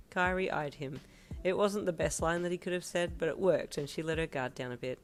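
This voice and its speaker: A woman reading fan fiction aloud in a calm storytelling manner. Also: low-pitched, brisk, a little hiss or hum. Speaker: reader.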